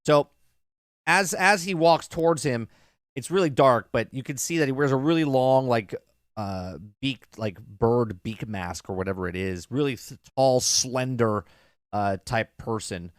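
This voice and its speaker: A man's voice: mid-range voice, a little slow, dry recording, studio quality. A man in his thirties casually retelling a TV episode, rambling with lots of fillers. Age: 30s. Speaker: show reviewer.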